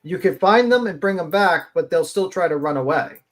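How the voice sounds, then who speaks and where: A man's voice: high voice, animated, brisk. A man giving blunt, profane, rambling commentary as a guest on a live-stream panel.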